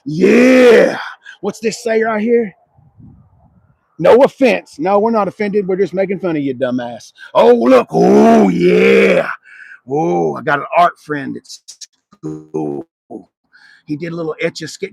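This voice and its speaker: Man, middle-aged, high voice, husky, profane joking car reviewer, outdoor car lot. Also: sing-song, measured pace, no echo, low-quality recording. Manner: profane, mocking, loud joking rants. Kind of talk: casual walkaround car review.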